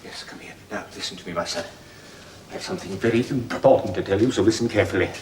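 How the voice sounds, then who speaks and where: An actor playing an aging Roman emperor and father in a 1970s television period drama, speaking earnestly and haltingly. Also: fairly low pitch, darkish tone, slight background noise, lightly acted. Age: older.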